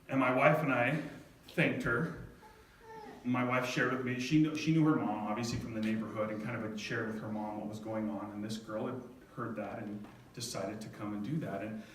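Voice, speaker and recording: Recorded from a distance in an echoey hall, a middle-aged man shares a family story with an audience, heartfelt and self-deprecating, quoting his daughter and occasionally near tears. His voice is on the low side and a bit bright, with a flat delivery at a moderate pace. A little hiss or hum is audible.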